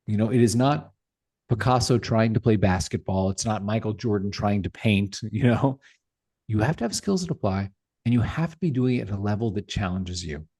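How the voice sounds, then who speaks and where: A man's voice: fairly low pitch, fairly quick, darkish tone. A middle-aged man speaking as a podcast guest, talking passionately and emphatically with rhetorical questions. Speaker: podcast guest, tech founder. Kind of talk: animated interview talk.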